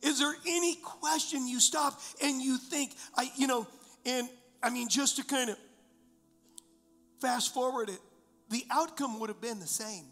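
High-pitched pastor guy preaching, lots of repeating and questions, long church echo, faint music under it. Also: unhurried, sharp tone. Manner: repetitive, emphatic preaching with rhetorical questions. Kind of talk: sermon.

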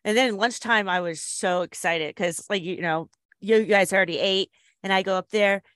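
A woman co-hosting a podcast, chatting casually, giggly and excitable, jumping up high when she quotes herself. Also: normal speed, dry recording, studio quality. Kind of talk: casual chat.

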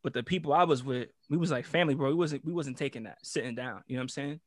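A young American man casually telling a wild story, animated and full of profane slang. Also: mid-range voice, fast talker, dry recording, clean studio sound. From United States. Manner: animated, profane street slang, acts out quotes.

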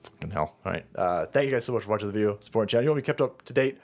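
A man hosting a commentary channel, delivering a profane, mocking political rant with loud outbursts. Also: lowish voice, lively intonation, very fast, faint music behind. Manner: foul-mouthed, mocking, loud outbursts with laughs.

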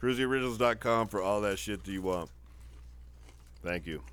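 A man's voice: low-pitched, a little slow, fairly bright tone, a little hiss or hum. A man hosting a casual podcast, talking loose, profane and laughing with friends. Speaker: podcast host. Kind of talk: casual drunken podcast chat. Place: shop or garage.

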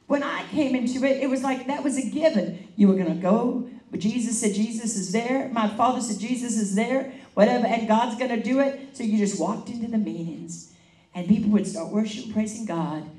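A woman's voice: fairly high pitch, a little fast, warm tone, distant mic. Fervent woman evangelist in an echoey hall. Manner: fervent, rhythmic preaching with swells in volume. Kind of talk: charismatic sermon with prophetic prayer. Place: church meeting hall.

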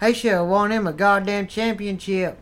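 Crude comedy podcast host, male, high and crisp-voiced, rambles and swears. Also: fairly even intonation, moderate pace, a bit bright. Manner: rambling, profane, laughing often.

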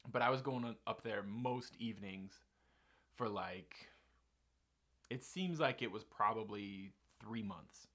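Man, podcast host, loose animated storyteller, trips over his words. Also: fairly low pitch, slow pace. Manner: rambling, animated, many fillers and restarts. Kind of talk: casual storytelling chat.

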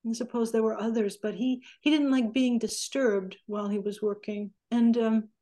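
Woman in her sixties, interview guest, mellow and warm, animated anecdotes. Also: a little high, moderate pace. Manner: animated, acts out quoted remarks. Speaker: interview guest, recording engineer. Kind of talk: conversational storytelling.

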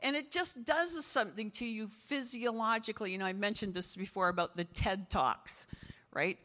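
A woman pastor preaches an enthusiastic, story-driven sermon, sprinkling in casual "you know"s. Her voice is bright and sharp, of middling pitch. It rings out with the long reverb of a church hall. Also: normal speed. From Canada.

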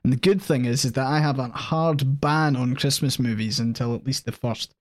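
A Scottish podcast co-host in casual chat, animated, swearing freely and laughing often. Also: medium pitch, normal speed.

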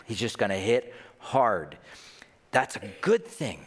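A young man preaches a sermon in a large church hall, his voice rising and falling in lively swings. He tells stories playfully and acts out the voices of the people in them. A long reverb trails behind every phrase. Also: lowish voice, slow pace, breathy edge. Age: young adult. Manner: animated, playful storytelling with acted-out voices. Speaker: pastor.

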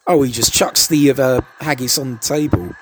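A man's voice: medium pitch, normal speed, slight background noise. A man giving casual, hesitant commentary over an old TV show, stammering and adding chuckling asides.

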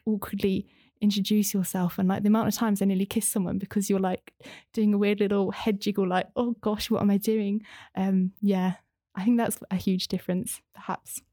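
Young woman, chatty, rambling, fillers, mellow voice, dry close recording. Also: medium pitch, level tone, a little fast, no room sound. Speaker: interview guest, former language student. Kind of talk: casual conversation.

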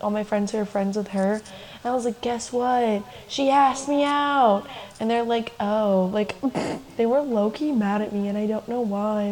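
The audio is poor, and the young woman's voice is medium-pitched with a dark tone. Co-hosting a podcast, she shares a personal story in a loose, chatty style with lots of "like" and laughing asides.

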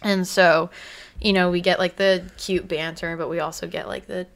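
A woman's voice: fairly low pitch, flat delivery, normal speed. A woman chatting casually about a TV episode, gushing and giggling, with lots of fillers. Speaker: episode reviewer. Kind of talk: casual chat.

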